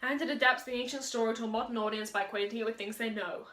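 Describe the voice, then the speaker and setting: A woman, a drama student, giving a brisk, upbeat school drama presentation. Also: on the high side, steady tone, fairly bright tone. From Australia. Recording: echoey room.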